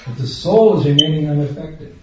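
A man's voice: fairly high pitch, expressive, a little fast, noisy background. Man preaching in an echoey hall. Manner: emphatic, asks the audience direct questions; acts out everyday scenes in different voices. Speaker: spiritual teacher. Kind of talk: sermon. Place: large room with an audience. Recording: dull, echoey hall, far from the mic.

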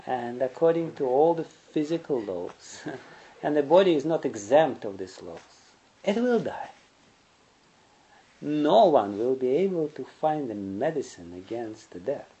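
A man's voice: on the high side, dark tone, lo-fi sound. A man giving a spiritual lecture, telling stories in a rambling way and chuckling often. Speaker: spiritual teacher.

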